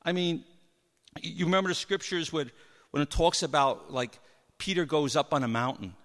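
A man preaching a sermon, telling Bible stories with lively energy and acting out the people in them. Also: a little high, normal speed. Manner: animated storytelling, acts out Bible figures. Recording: long hall reverb.

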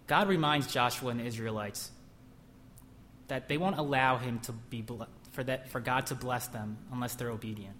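A young man gives a conversational sermon in an echoey hall with faint ambience, now and then bursting into emphasis. His medium-pitched voice is slightly bright at a normal speed, with a little hiss or hum.

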